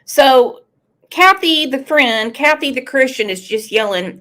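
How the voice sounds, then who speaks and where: A woman's voice: sits high, animated, unhurried, fairly bright tone. A woman hosting a true crime commentary show, opinionated and full of rhetorical questions. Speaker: host.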